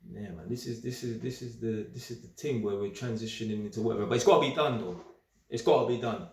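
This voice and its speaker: A young man giving a casual, straight-talking monologue in streetwise slang, animated and emphatic and often repeating himself. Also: fairly low pitch, quick pace, slight background noise. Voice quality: streetwise slang-heavy talk. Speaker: vlogger. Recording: roomy echo.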